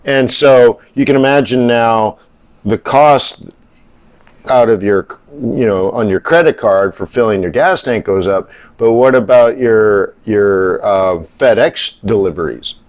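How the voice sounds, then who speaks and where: A man's voice: lowish voice, measured pace. Blunt, grumbling middle-aged man, slightly muffled. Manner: rambling, blunt and grumbling, swears casually. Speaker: live stream host, forex trader. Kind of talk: casual live-stream chat. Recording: slightly dull lo-fi audio.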